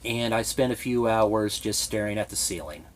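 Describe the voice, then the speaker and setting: A young man with a slightly low-pitched voice speaks in a confessional vlog. He sounds timid and emotionally raw. He stumbles, breaks off and restarts his sentences as he goes. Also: slight background noise. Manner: hesitant, halting storytelling with many restarts. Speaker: vlogger.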